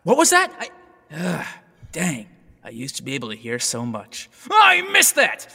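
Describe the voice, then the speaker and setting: Man playing a jolly, half-deaf despot: bright, animated, with a reverberant room. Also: mid-range voice, moderate pace, gravelly, husky, exaggerated voice. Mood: grumbling. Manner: boisterous, cheerfully callous. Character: boozy hard-of-hearing male emperor, jovial tyrant.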